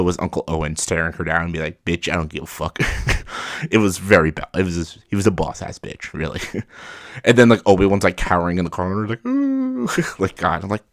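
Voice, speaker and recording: A young man with a low voice rants through a casual review, exasperated and profane. He rambles with fillers and small chuckles. The sound is dry and close, with no room around him. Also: no echo. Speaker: video reviewer.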